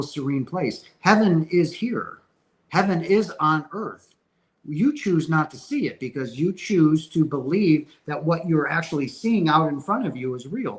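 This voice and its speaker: A man's voice: on the high side, low-quality recording. A man hosting a casual question-and-answer stream, speaking earnestly and emphatically, often restarting his sentences. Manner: earnest, emphatic spiritual talk with many restarts. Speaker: host answering viewer questions. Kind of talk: casual Q&A livestream.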